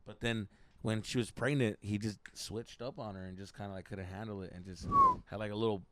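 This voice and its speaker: A young man, co-hosting a casual podcast chat and telling animated stories full of swearing and Spanish slang. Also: fairly low pitch, fairly quick. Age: young adult. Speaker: podcast co-host.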